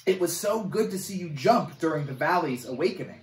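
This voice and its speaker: A man's voice: a little high, expressive, brisk, close to an everyday voice. A man voicing an old wishing tree that calls out in sing-song rhyme. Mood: calling out. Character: grand rhyming wishing tree, male, ancient. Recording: echoey room, voice off-mic.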